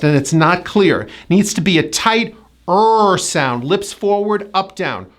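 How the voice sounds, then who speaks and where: A woman with an American accent coaches pronunciation in a fairly low, lively voice. She draws out every sound and repeats words carefully, drilling them with slow, exaggerated enunciation in this lesson.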